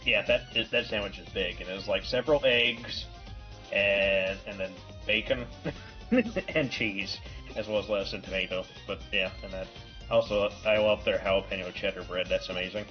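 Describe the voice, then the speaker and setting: Low, easygoing man on a stream. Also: steady tone. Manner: easygoing, halting with fillers. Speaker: guest on a stream. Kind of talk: casual chat. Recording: muffled stream audio with faint music.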